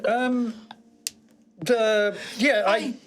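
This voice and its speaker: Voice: medium pitch, fairly even intonation, very slow. A player in a tabletop game speaking as their character, polite and hesitant, often stammering.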